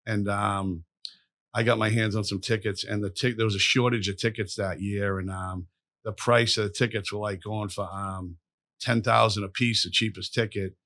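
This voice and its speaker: A man's voice: lowish voice, normal speed, no echo, studio quality. A man telling rambling, profane stories as a podcast guest. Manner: profane, rambling, animated storyteller. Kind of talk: storytelling in a casual interview.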